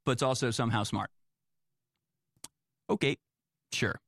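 A man's voice: mid-range voice, normal speed, dry recording, studio quality. A man commenting on the news, reading reports aloud and reacting in a sarcastic, exasperated, rambling way. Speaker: political commentator.

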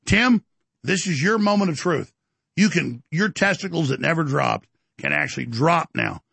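An older male host in a bombastic, taunting rant. His voice is extremely gravelly and husky, sits a bit high for a man, and sounds close and dry. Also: expressive, normal speed, fairly bright tone, no echo. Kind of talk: heated on-air rant.

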